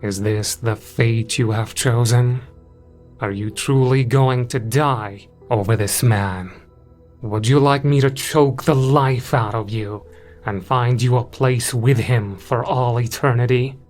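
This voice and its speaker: A cruel winged creature speaks with slow, deliberate contempt, dragging out each taunt, as a man acts it out. The pace is very unhurried and the pitch sits in an ordinary middle range. Soft music plays beneath the horror story. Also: lightly acted. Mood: menacing. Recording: music in the background.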